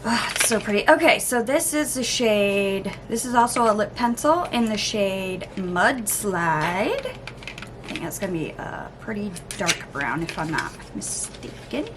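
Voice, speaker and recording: A woman vlogger chatting casually through an unboxing, gushing, gasping and cooing with excitement. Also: mid-range voice, a little slow, noisy background. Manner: gushing, excitable, lots of gasps and oohs. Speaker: beauty vlogger.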